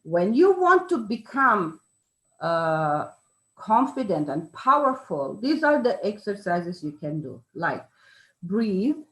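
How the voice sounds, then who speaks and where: A woman giving an informal talk, explaining with many fillers and self-corrections. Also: mid-range voice. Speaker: speaker on charisma. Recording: echoey room.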